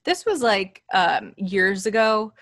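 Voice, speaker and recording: A woman's voice: mid-range voice, big pitch swings, slow, a bit bright. A woman hosting a podcast in casual chat, telling anecdotes with emphatic asides and laughter. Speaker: podcast host.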